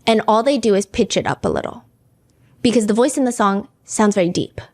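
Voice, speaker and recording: A woman's voice: medium pitch, very animated, fairly quick. A woman hosting a true-crime podcast, chatting casually and reading lyrics and comments aloud. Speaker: podcast host.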